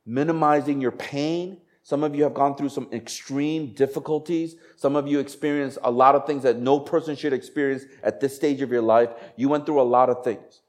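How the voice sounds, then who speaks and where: A man's voice: medium pitch, darkish tone. Guy preaching a sermon, talks casual, keeps asking the crowd questions. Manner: conversational preaching with rhetorical questions. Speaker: pastor.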